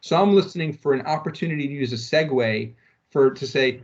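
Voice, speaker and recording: A man acting as guest trainer on a webinar, offering practical workplace advice in a measured way over a video call. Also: a little high, a little hiss or hum. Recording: muffled video-call audio.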